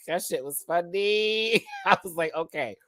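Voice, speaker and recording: A man giving a casual live review of a reality show, expressive and profane, swinging between emotional and giggly. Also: high-pitched, a little slow, dry recording, clean studio sound.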